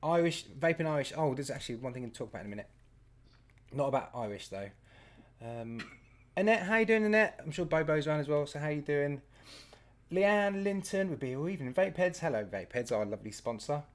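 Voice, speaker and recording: A man's voice: a little high, expressive, a little fast. Chatty man hosting. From England. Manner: reads out viewer names, chatty and laughing. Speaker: host. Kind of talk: casual live-stream chat.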